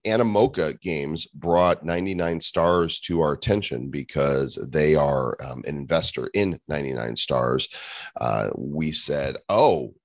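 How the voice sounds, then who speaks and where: A man hosting a podcast, reading an energetic intro and trading puns. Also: low voice, no room sound, clean studio sound. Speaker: podcast host. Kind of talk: scripted intro and casual banter.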